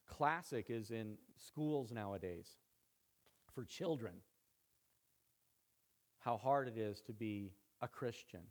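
Guy preaching a sermon, easygoing mid voice, gets louder on the big points. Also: medium pitch. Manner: conversational preaching, swelling louder for emphasis. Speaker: pastor.

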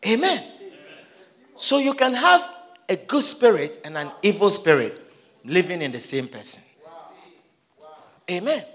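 A man preaching a sermon, emphatic and sing-song, swinging from soft asides to shouted peaks, with repeated call-and-response. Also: sits high, very animated, unhurried, pauses often. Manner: repetitive call-and-response style.

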